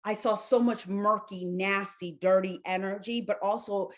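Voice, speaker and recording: A woman guest on a podcast, a psychic healer and life coach, telling lively stories in casual conversation. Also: mid-range voice, normal speed. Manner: animated storyteller, acts out quotes.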